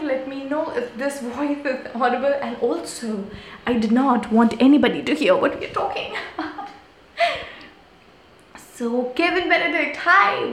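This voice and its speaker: A woman hosting a casual live stream, whispering and gushing with little giggles from a tiny room. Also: high voice. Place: small tiny room indoors. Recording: echoey small room, faint background noise.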